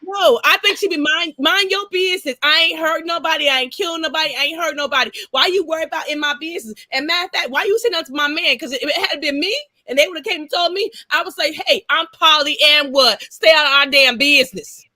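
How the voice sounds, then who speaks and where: Bright, forceful woman making her point. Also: extremely high pitch, quick pace, hardly any pauses, dry recording, studio quality. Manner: emphatic, repeating her point. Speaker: co-host. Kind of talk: casual chat.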